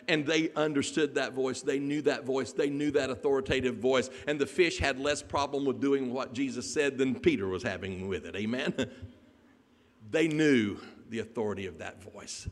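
Animated male preacher in an echoey hall. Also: mid-range voice. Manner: animated storytelling with asides to the congregation. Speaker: pastor. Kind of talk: sermon.

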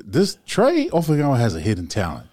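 A man co-hosting a casual podcast, animated and quick to laugh. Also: mid-range voice. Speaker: co-host. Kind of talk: casual chat.

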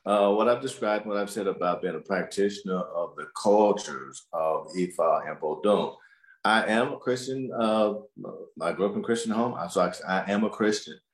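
A man, a scholar, answering interview questions in a measured, explanatory way. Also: lowish voice, roomy sound. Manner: measured, explanatory, repeats words.

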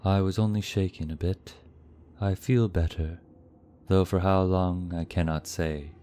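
A man voicing a shaken but steady male knight who speaks firmly and quietly. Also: sits low, measured pace.

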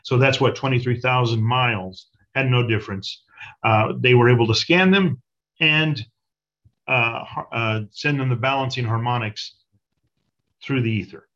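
A man pitching a product in conversation, speaking haltingly with many fillers. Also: a bit bright. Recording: dull lo-fi audio.

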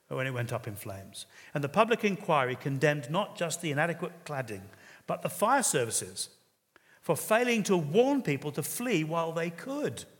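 A man's voice: on the high side, fairly bright tone. A man preaching a sermon in an earnest, conversational way, with occasional hesitations. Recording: reverberant hall.

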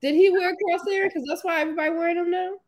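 A woman's voice: extremely high pitch, steady tone, quick pace, darkish tone. A woman in casual chat, blunt and profane, ranting and laughing.

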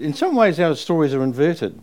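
A man's voice: fairly high pitch, normal speed, a crowd in the background. An older man with a New Zealand accent, an author telling family anecdotes on stage in a rambling way and laughing as he goes. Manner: animated, rambling anecdotes, laughing while he tells them. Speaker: author interviewed about a family memoir. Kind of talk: live on-stage conversation, storytelling.

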